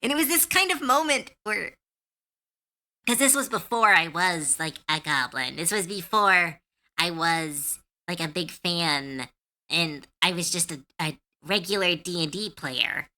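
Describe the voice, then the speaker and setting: A woman streaming live, chatting casually, animated and opinionated, with lots of filler words and swearing. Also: fairly low pitch, a little slow. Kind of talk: casual livestream chat.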